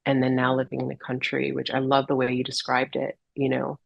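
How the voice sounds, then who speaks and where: This podcast guest, a holistic healer, speaks in a rumbling low monotone, a little fast and with vocal fry. The recording is dry and muffled. Reflective and earnest, she shares a heartfelt personal story, occasionally groping for the right words.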